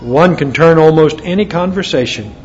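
An American man delivers a sermon in a slightly high voice, breaking from scripture into homey, folksy asides. The recording is dull and lo-fi, with a faint hiss of noise behind him. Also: moderate pace, darkish tone. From United States. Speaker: preacher.

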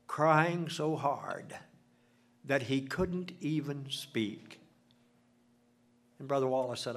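An older man preaching a sermon, swelling loud for emphasis and dropping to a near hush. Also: mid-range voice. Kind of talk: sermon with invitation.

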